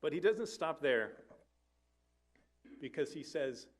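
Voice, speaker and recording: A man's voice: fairly high pitch, big pitch swings, takes it slowly. A man, a family life minister, preaching an earnest sermon to a church, with conversational asides and occasional self-corrections.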